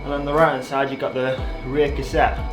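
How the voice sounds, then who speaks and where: A man's voice: mid-range voice, little pitch movement, a little fast, music in the background. Chatty man vlogging. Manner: chatty, self-deprecating, rambling asides. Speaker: cycling YouTuber. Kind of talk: casual vlog narration and race commentary.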